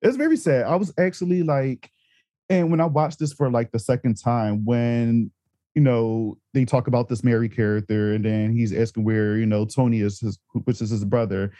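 A man's voice: medium pitch, moderate pace, mellow, no room sound. A man co-hosting a horror podcast, talking in an easygoing way with restarts and chuckles. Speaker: podcast co-host. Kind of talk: casual film discussion.

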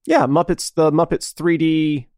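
A man's voice: fairly high pitch, a little slow, a little mellow, dry recording, clean studio sound. A man co-hosting a podcast, chatting in a rambling, enthusiastic way and swearing casually. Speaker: podcast co-host. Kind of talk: casual chat.

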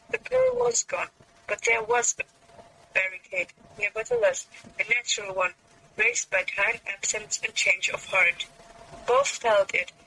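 A woman guest reading a novel aloud in an even storytelling way. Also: medium pitch, slight background noise, poor audio. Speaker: book discussion guest.

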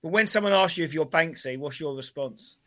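A man hosts a casual podcast and keeps nudging his guests toward their best stories. His voice sits a little high for a man. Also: brisk, sharp tone. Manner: prompting, asks questions to lead stories. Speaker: podcast host.

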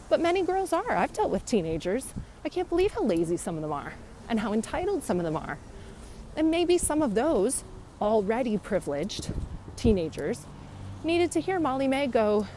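A woman's voice: on the high side, big pitch swings, normal speed. Ranting Canadian woman beside traffic. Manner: opinionated, emphatic, ranting. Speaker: vlogger. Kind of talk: casual chat to camera. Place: outdoors by a busy road. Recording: loud traffic noise behind.

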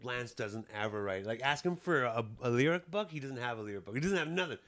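Casual male musician, chatty and profane, average-pitched voice, loose rambling delivery. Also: expressive, fast, fairly bright tone. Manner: rambling, profane, fillers like "you know what I mean". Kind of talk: casual storytelling.

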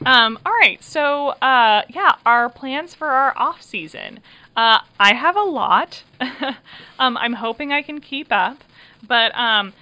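Bright-voiced chatty woman host. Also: high voice, lively intonation, slow pace. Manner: chatty, laughs often, frequent fillers. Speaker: podcast host and creator. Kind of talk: casual chat.

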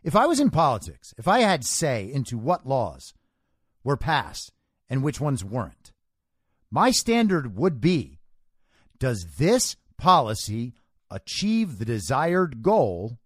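A man's voice: on the high side, slightly rough, no echo, clean studio sound. A man hosting a podcast, giving an opinionated political commentary monologue. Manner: opinionated, emphatic. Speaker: podcast host.

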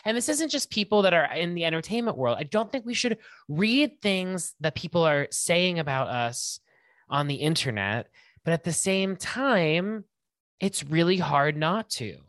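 A man hosting his own podcast alone, thinking out loud in a loose, self-conscious ramble. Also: sits high, animated, a little slow, dry recording, studio quality. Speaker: podcast host. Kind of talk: casual solo monologue.

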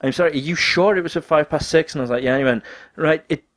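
A young man tells a story in casual conversation, his voice fairly high and his delivery quick. He's animated, swears a lot, and acts out the things other people said.

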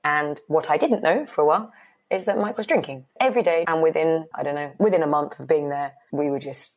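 A woman in her forties talks as an interview guest with a slightly low voice. She speaks candidly and expressively, swearing now and then and acting out remembered exchanges. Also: a little fast. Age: 40s. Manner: frank, expressive, swears, acts out quoted dialogue.

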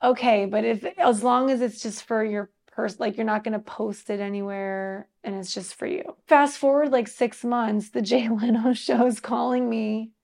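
A woman musician as an interview guest, chatting casually and telling stories in an animated way, laughing often and using many fillers. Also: on the high side, normal speed, creaky, few pauses.

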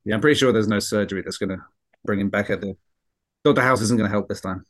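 A man co-hosting a casual podcast, talking haltingly with lots of fillers, swearing, and laughing easily. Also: on the low side, a bit bright. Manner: hesitant, filler-heavy, profane, laughs easily. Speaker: podcast co-host. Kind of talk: casual chat.

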